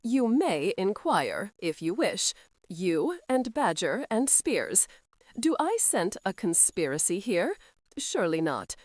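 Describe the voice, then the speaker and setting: A woman narrator voicing a mocking, arrogant young male earl who speaks in a slow, sarcastic drawl. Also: mid-range voice, big pitch swings, a little mellow, no room sound, studio quality. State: injured, sore ribs.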